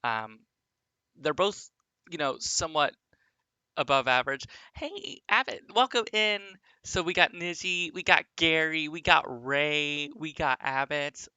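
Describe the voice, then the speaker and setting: A man's voice: on the high side, measured pace, bright, forceful tone, smooth, no echo. A man streaming a basketball simulation game, rambling casually with viewers and full of fillers. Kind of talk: casual live-stream commentary over a basketball sim.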